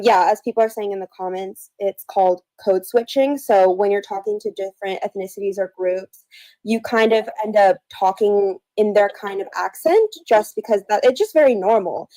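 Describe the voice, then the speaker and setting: A woman's voice: mid-range voice, mellow, dry recording, rough recording. A young American woman calling in to a live debate, explaining her view earnestly and at length. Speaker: caller.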